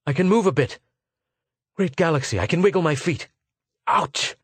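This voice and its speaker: A man's voice: on the high side, lively intonation, moderate pace, no echo, natural voice. A man voicing an earnest, persuasive male scholar of a galactic empire, speaking with emphatic, rising force. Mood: eager.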